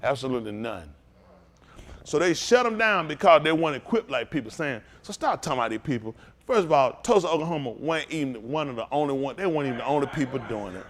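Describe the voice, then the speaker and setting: A man preaching as a pastor in a fiery talk, swinging from low mutters to loud outbursts. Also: lively intonation, fast talker.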